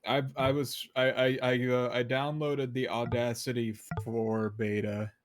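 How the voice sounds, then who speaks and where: A man's voice: medium pitch, flat delivery, measured pace, background noise. A man chatting casually on a stream, rambling with lots of fillers and restarts. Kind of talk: casual chat.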